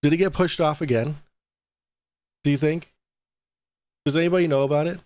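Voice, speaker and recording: A man's voice: a little high, steady tone, moderate pace, a little mellow, no echo, clean studio sound. A young adult man hosting a casual livestream, chatting loosely, reading out viewer donations and swearing now and then. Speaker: livestream host.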